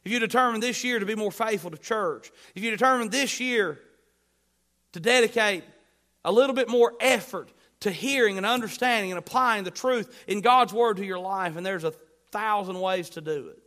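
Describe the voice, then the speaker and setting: This pastor's voice sits high and moves at a normal pace. He preaches emphatically, swinging from loud bursts to quiet asides and asking the congregation questions.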